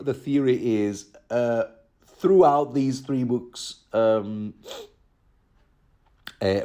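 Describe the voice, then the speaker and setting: A man giving a rambling, casual commentary on a book, often sidetracking himself and laughing. His voice is low and he talks at a slow, unhurried pace. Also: dark tone. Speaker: podcast host.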